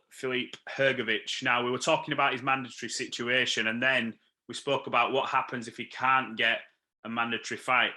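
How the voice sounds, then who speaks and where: A man's voice: mid-range voice, pushed and bright. A man interviewing a boxer, asking brief, prompting questions.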